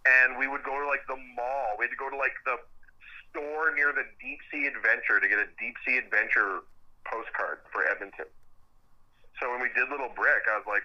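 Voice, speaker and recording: A man from Canada, a podcast guest telling animated, profane stories and acting out what people said. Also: mid-range voice, normal speed, dull audio. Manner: animated, profane storyteller who acts out quotes. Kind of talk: casual storytelling chat.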